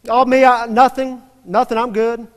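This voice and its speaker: A man's voice: high-pitched, fairly quick, natural voice. A man voicing a sheepish, hesitant old rabbi. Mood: flustered. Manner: soft, hesitant, embarrassed. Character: sheepish old male rabbi, humble and earnest. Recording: long church-hall reverb.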